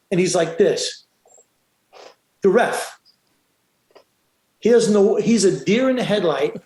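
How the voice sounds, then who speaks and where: High-voiced man telling fight stories. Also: darkish tone, echoey room. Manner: emphatic, acts out quotes, frequent restarts. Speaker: boxing referee, interview guest. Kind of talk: animated storytelling in an interview.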